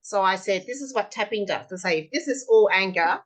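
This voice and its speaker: A woman who practices tapping appears as a podcast guest, speaking at medium pitch in an animated, brisk way. She explains things conversationally, telling stories with energy and acting out children's replies.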